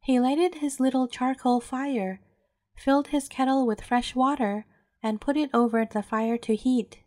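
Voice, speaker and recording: Woman storyteller, bedtime tale, higher voice, mellow tone, dry close sound. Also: fairly even intonation, unhurried, dry recording.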